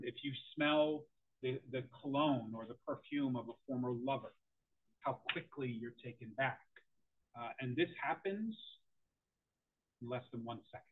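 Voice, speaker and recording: A middle-aged man giving an interactive presentation to parents, animated and quizzing his audience. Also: medium pitch, husky. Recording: tinny phone-like audio.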